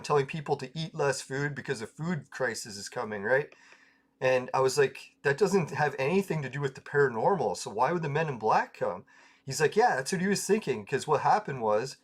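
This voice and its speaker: Guy telling a long rambly story, swearing and chuckling, medium voice. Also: mid-range voice. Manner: rambling and profane, laughs at his own stories. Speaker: podcast host. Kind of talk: casual storytelling.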